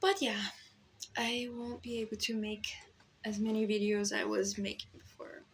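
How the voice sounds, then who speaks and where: Talking casually into her phone at home, this young Brazilian vlogger, whose first language is Portuguese, pokes fun at herself as she rambles. Her voice is mid-range and level at a moderate pace, with a Brazilian accent shaded by American influencer style, over slight background noise.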